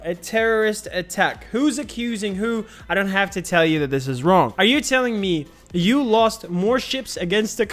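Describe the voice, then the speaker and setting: A man's voice: high voice, lively intonation, moderate pace, a bit bright. A young Ukrainian man whose first language is Russian, casually reacting to memes, chatty, laughing often and swearing freely. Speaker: meme reviewer.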